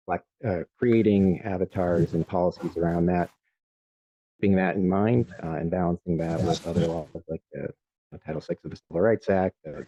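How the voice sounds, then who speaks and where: A man on a panel discussing education privacy law, careful and measured, with frequent ums. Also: deep voice, dark tone, husky, highs cut off.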